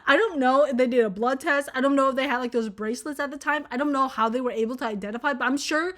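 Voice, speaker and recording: A woman's voice: high voice, fast talker, a bit bright. A young woman from Vietnam telling a personal story in a rambling, profane, laugh-filled casual way. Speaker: vlogger.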